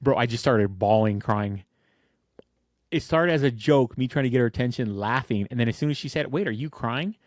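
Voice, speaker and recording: A man co-hosting a casual podcast chat, telling a long, rambling story and laughing through it. His voice is mid-pitched, and the recording is dry and close. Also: a little fast, no echo. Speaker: podcast co-host.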